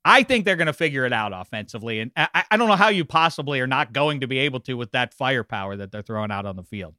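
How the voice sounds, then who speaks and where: A man co-hosting a casual sports talk show, animated and opinionated, full of asides. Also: mid-range voice, quick pace, clear, resonant tone, no room sound, clean studio sound.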